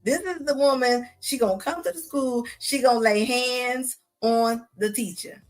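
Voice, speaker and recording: A woman's voice: a little high, moderate pace, soft background music. Blunt, mocking woman streamer. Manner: blunt, mocking, laughs often. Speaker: commentary streamer. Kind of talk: casual reaction commentary.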